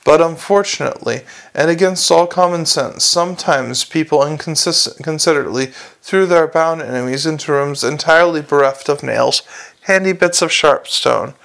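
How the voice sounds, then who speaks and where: A man's voice: fairly high pitch, gravelly, fairly bright tone. A man reading a comic fantasy novel aloud, with a dry, wry delivery. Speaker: audiobook narrator.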